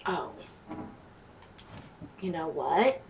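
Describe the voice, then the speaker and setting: A woman with a Jamaican accent chatting slowly through a game, exclaiming at what happens on screen. Her voice is gravelly and sits a bit far from the mic, with a faint hiss behind it. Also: lowish voice, expressive, highs cut off. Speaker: let's play streamer. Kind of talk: casual gameplay commentary. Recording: distant mic with faint noise.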